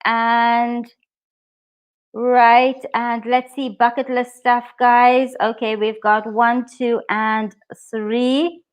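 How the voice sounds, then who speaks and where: A woman's voice: on the high side, little pitch movement, very slow, clear, resonant tone. A woman teaching a live online English exam lesson, upbeat and encouraging as she talks to her viewers. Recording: dull lo-fi stream audio.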